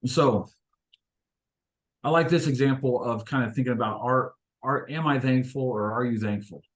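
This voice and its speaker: A man with a mid-range voice speaks at a normal speed as he leads an inspirational discussion. He tells stories reflectively and hesitantly, with lots of filler words.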